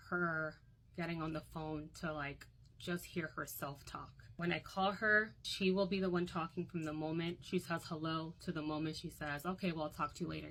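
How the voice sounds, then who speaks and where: A woman's voice: lowish voice, low-quality recording. A young woman recounting a painful personal story to her phone, candid and emotional, often quoting others.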